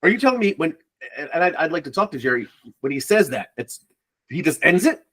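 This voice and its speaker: A recruiter guesting on a podcast chats casually and bluntly, cursing and acting out phone calls. His voice is a little high, bright and slightly rough, very animated, and quick.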